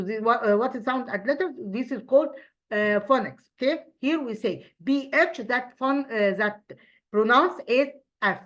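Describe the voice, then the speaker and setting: Halting woman teacher. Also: on the high side, a bit bright, highs cut off. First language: Arabic. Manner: halting, many fillers and restarts. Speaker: English teacher. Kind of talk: online English lesson for children.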